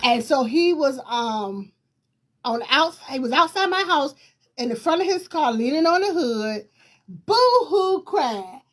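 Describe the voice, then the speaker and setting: A middle-aged woman from Virginia, a talk show host, telling a personal story to viewers in a lively, emphatic way, often laughing. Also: high-pitched, measured pace.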